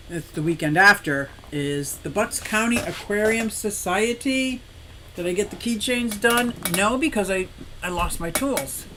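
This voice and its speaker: A woman's voice: medium pitch, slight background noise. A woman in her sixties hosting a casual live stream for her fish shop, greeting viewers by name, reading comments and telling rambling stories with frequent laughs. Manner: chatty and animated, laughs often, rambling anecdotes. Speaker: livestream host of an aquarium and fish shop.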